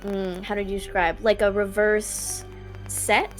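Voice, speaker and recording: A woman's voice: medium pitch, flat delivery, unhurried, rough recording. Woman player, hesitant and wordy, faint music behind. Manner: hesitant, explains her moves with many fillers. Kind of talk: tabletop game chat.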